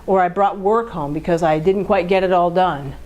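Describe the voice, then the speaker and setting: A woman with a lowish voice speaks at a normal speed over a rough recording carrying a little hiss or hum. She co-hosts a podcast about relationship communication, keeping it conversational with rhetorical questions and animatedly acting out partners in a raised voice.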